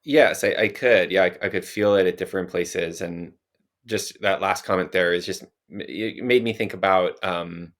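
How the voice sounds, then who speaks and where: A man co-hosts a podcast and reflects in an unhurried, thoughtful way. His voice sits very low. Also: a bit bright. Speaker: podcast co-host. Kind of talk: podcast conversation.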